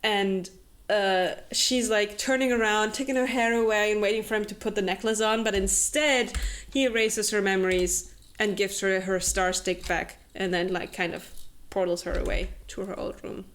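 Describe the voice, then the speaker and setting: A young woman hosts a casual book club chat and recaps a fantasy novel with sarcastic asides. She talks animatedly and fills her pauses with fillers. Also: medium pitch, fairly even intonation.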